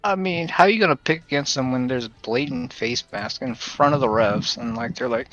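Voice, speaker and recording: A man co-hosting a sports podcast, telling things in an animated way and acting out what others said. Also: medium pitch, a little fast, muffled recording, faint music behind. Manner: animated, mimics others mid-story. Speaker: podcast co-host. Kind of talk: casual chat.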